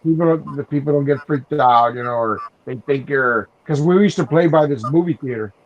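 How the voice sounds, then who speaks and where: A man's voice: medium pitch, fairly quick. A man chatting casually on a podcast, telling rambling stories full of restarts and "you know.". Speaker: podcast host. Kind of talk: casual chat. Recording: dull lo-fi sound.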